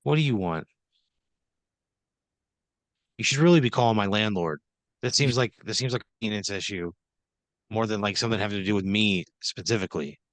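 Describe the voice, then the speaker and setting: A man co-hosting a comedy podcast, complaining in an exasperated, profane deadpan. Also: fairly low pitch, fast talker, no room sound. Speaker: podcast co-host. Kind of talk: improvised comedy.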